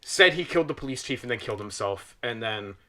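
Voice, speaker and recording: Bright-voiced young man ranting. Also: medium pitch, quick pace. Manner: animated, exaggerated, profane storytelling. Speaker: podcast co-host reviewing a film. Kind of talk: casual comedic rant.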